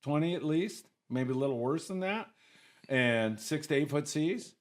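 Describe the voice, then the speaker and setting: A middle-aged man casually telling lively anecdotes, often acting out other people's voices. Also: fairly high pitch, moderate pace. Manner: animated anecdotes, acts out voices. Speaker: guest. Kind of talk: casual storytelling.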